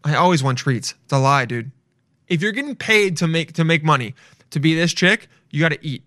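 A man's voice: fairly high pitch, animated, a little fast, fairly bright tone, dry recording, studio quality. A young man giving crude, blunt, casual commentary as he reacts to videos, swearing freely.

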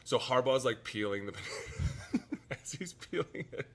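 A man, a former football player from Cleveland, telling animated stories on a podcast and acting out the quotes with whispers and laughter. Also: mid-range voice, normal speed, slightly rough. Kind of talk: casual storytelling.

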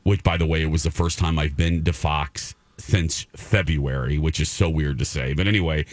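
A man's voice: a bass voice, moderate pace, no room sound. A middle-aged man co-hosting a radio show, chatting casually and acting out people's lines as he tells his stories. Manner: animated storyteller, acting out quotes in a raised voice. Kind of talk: casual chat.

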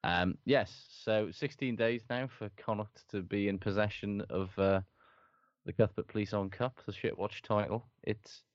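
A man's voice: fairly low pitch, fairly even intonation, normal speed, dry recording, dull audio. A man co-hosting a rugby podcast in casual chat, with a dry, wry, understated manner. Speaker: podcast co-host.

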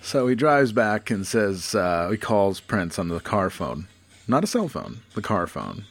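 A man's voice: lowish voice, very animated, unhurried. A man co-hosting a comedy podcast, telling an improvised story in a loose, rambling, profane way with lots of fillers. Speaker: podcast co-host.

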